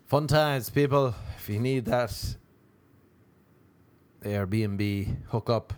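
An Irish man telling a rambling comic story with deadpan asides, swearing and acted-out quoted voices. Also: lowish voice, slow pace. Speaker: touring comedian.

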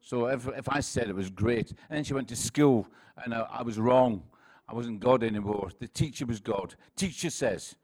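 A Scottish man in his sixties, a pastor preaching a relaxed sermon full of jokes, stories and quick restarts. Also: mid-range voice. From Scotland. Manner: chatty, self-deprecating, with frequent laughs and restarts. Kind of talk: sermon with humorous anecdotes.

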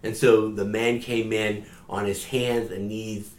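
A man's voice: on the low side, little pitch movement, slow. A man retelling a parable in a casual storytelling sermon, with fillers along the way. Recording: echoey room.

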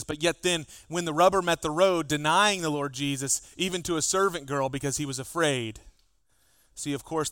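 A man, a pastor, preaching a sermon, animated and acting out exchanges with his children. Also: on the high side, smooth, no echo, clean studio sound. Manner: animated, acts out dialogue with his kids.

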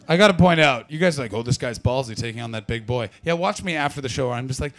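A man's voice: medium pitch, lively intonation, quick pace, hardly any pauses. A man from Canada doing stand-up crowd work, brash and profane as he teases the audience. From Ottawa Valley, Canada. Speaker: stand-up comedian.

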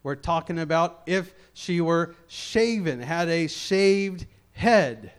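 A man's voice: a little high, takes it slowly, smooth. A middle-aged man preaching a Bible-teaching sermon in a conversational way, with joking asides and key phrases repeated for emphasis.

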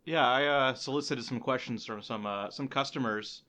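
A man's voice: mid-range voice, normal speed, pushed and bright. A man on a casual podcast, reading out a listener question with a hesitant delivery. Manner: hesitant, many fillers. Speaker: podcast co-host.

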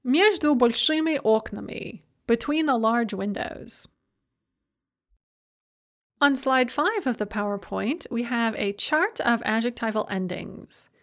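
A woman teaching a language lesson, walking through grammar charts in a clear, methodical way and reading out example words one by one. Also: fairly high pitch, animated, slow pace, pauses often. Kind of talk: explaining grammar over slides.

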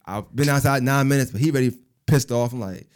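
Guy rattling off a drive-thru rant fast, laughs a lot, does the voices. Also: mid-range voice. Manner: animated, laughing, cursing, acts out quotes. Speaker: podcast co-host. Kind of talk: casual storytelling chat.

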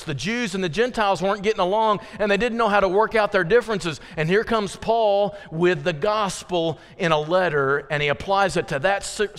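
Man, preacher, high-pitched voice, conversational sermon, long church reverb. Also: fairly bright tone. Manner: conversational, folksy preaching with asides to the congregation. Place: church sanctuary.

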